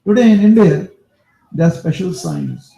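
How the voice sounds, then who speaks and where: Male preacher, gravelly, very dark tone, animated storytelling sermon, echoey temple hall. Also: high-pitched, normal speed. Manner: animated storyteller with asides to the audience. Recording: echoey room.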